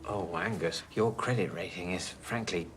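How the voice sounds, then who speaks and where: An English actor playing a sardonic, anxious male bank loan manager who swings between biting sarcasm and hushed, squeaky panic. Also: normal speed, slight background noise. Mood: sarcastic. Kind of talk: sitcom acting.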